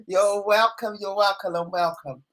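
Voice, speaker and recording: A woman's voice: mid-range voice, steady tone, a little slow, a bit bright, low-quality recording. A woman hosting an online video-call event, gushing and repeating words for emphasis. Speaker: host.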